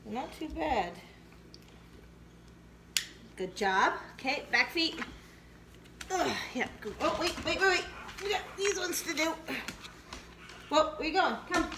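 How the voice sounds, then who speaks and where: A woman's voice: high voice, takes it slowly, pauses often. A woman vlogging at home, coaxing, scolding and praising her dogs while she trims their nails. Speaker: dog owner vlogger. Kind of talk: casual home video. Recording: noisy room with dogs and clicks.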